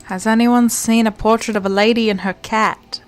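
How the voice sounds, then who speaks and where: While playing a game live, a woman streamer chats playfully to herself as she searches, dropping the odd jokey mock-British phrase. Her voice is a little high, with fairly even intonation and a moderate pace.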